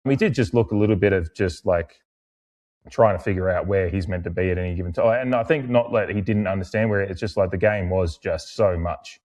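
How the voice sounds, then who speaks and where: Podcast co-host: young man, low voice, loose rambling delivery with fillers. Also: fairly quick. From Australia. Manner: rambling, lots of fillers and restarts; mimics other people in animated, higher-pitched bursts while retelling. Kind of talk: casual podcast chat.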